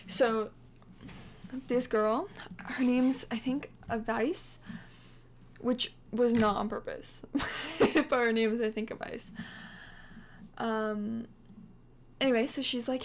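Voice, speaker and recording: Chatty excitable young woman narrating. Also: a little high, slow pace, a little hiss or hum. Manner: chatty, excitable, many fillers and gasps. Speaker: Sims gameplay vlogger. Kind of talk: casual gameplay narration.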